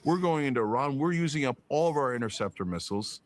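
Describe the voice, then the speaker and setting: Male podcast guest, mid-pitched, heated and profane, rapid rhetorical jabs. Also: lively intonation. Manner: emphatic, profane, rhetorical questions, mocking put-on quotes. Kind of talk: political commentary in conversation.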